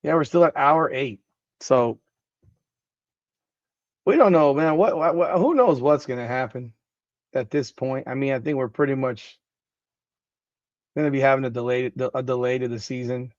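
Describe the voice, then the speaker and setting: A man's voice: medium pitch, moderate pace, long pauses, no echo, highs cut off. A man hosting a casual livestream podcast, talking bluntly with lots of swearing and repeating himself as he reacts. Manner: greets chat viewers by name. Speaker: podcast host.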